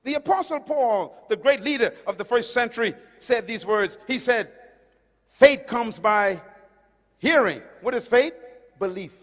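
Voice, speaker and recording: A man preaching a sermon, emphatic and swinging between loud declarations and hushed storytelling. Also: extremely high pitch, moderate pace, big-room sound. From Caribbean.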